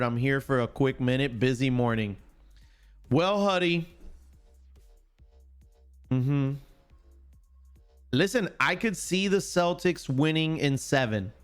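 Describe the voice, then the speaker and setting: A man's voice: a little high, a bit bright. A man hosting a casual live-stream sports show, chatting straight to his viewers and making confident, emphatic predictions.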